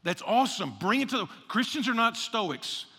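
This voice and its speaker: A male pastor preaching a casual, energetic sermon, repeating phrases for emphasis. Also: very high-pitched, normal speed, husky. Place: church sanctuary. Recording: long reverb of a large church hall.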